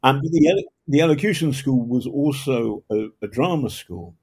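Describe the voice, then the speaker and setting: An older man from Northern England, a journalist and author appearing as a guest, gives a long answer in a conversational storytelling interview. His mid-pitched voice is animated, a little mellow, and breathy-edged at normal speed. He projects as he rambles, breaking off mid-sentence and starting over.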